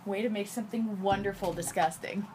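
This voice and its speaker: A woman's voice: medium pitch, steady tone, a little fast, a little mellow, soft background music. A woman co-hosting a podcast, teasing her co-host in casual, blunt banter.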